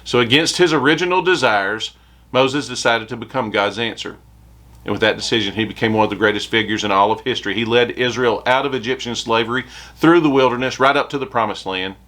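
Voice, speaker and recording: A man's voice: mid-range voice, fairly quick, fairly bright tone. A man preaching a short devotional sermon, reading scripture aloud with rising emphasis.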